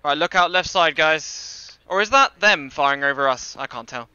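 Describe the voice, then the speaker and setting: A man's voice: a little high, animated, normal speed, bright, forceful tone, clean tone, no room sound, highs cut off. A young man swearing, laughing and giving orders as a platoon sergeant in casual game voice chat. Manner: laughs often, swears freely, gives orders.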